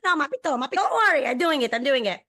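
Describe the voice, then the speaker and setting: A woman's voice: sits high, animated, rapid-fire, sharp tone, voice pushed up. A woman voicing a fussing middle-aged mother who refuses help and dramatically repeats herself.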